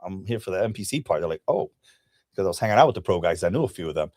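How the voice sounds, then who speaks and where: A man's voice: low-pitched, lively intonation, racing, darkish tone, dry recording. A man from Puerto Rico, a bodybuilder and podcast guest, telling his story earnestly with hesitant "uh" and "um". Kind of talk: interview storytelling.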